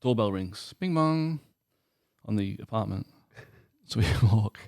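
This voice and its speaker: A man, co-hosting a goalkeeper podcast and telling an animated night-out story with lots of acted quotes. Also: fairly low pitch, takes it slowly, gravelly, no room sound, clean studio sound. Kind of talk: casual chat, telling a story.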